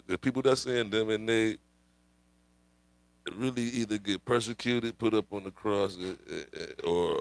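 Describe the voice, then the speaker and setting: A man with a lowish voice rants on a livestream, rambling through slang and swearing and laughing as he goes. The sound is dry and close, with no room around it. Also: no room sound. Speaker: livestream host. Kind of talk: casual live-stream rant.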